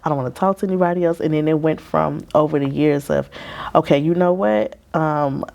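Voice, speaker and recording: A young woman talking candidly about her own experience with therapy in a relaxed interview, full of "like" fillers. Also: low voice, fairly quick, gravelly. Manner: candid, chatty, many "like" fillers. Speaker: therapy client, interview guest. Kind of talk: casual interview conversation.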